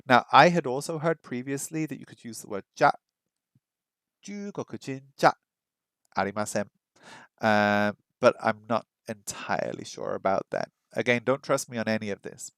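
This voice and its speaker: British guy chatting through his language practice, lots of ums, dead dry sound, mid-pitched voice. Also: a little fast, few pauses, fairly bright tone, no echo. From Britain. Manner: chatty, self-deprecating, full of ums and uhs. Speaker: language learning vlogger. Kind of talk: casual language-learning stream.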